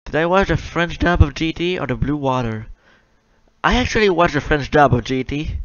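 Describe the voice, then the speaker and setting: A young man hosting a casual live question-and-answer stream. He reads viewers' questions out loud and answers them in a chatty, self-mocking way. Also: on the high side, expressive, moderate pace, no room sound. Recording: slightly dull lo-fi mic, dry.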